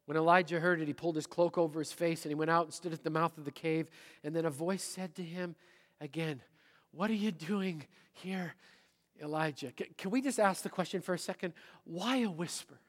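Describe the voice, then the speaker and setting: A middle-aged man preaching in a church, his slightly high voice rising to loud emphasis and dropping to a near-whisper. The sound carries a long hall reverb. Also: quick pace. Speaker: pastor. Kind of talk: sermon. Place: church sanctuary.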